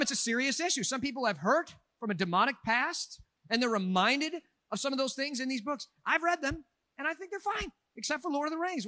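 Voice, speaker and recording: Animated high-voiced male pastor preaching. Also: no room sound. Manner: animated, conversational preaching with asides and humor. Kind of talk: sermon.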